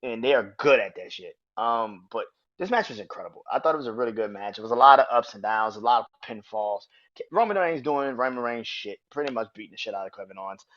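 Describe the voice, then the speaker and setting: A man hosting a podcast, casually reviewing a wrestling match in a profane, animated way. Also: medium pitch, fast talker. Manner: animated, profane, acts out quotes in raised voices. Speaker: podcast host. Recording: dull lo-fi audio.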